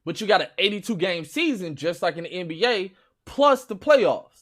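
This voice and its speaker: A man with a Chicago accent, hosting a stream with loud, profane, boastful trash talk about games. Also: high voice, sing-song, moderate pace. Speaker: stream host. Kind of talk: casual gaming chat.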